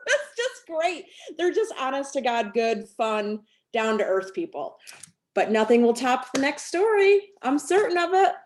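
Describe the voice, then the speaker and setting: A woman's voice: high-pitched, animated, normal speed, a little mellow. A woman, a sales team director, telling a rambling personal story on a team call, full of fillers and restarts.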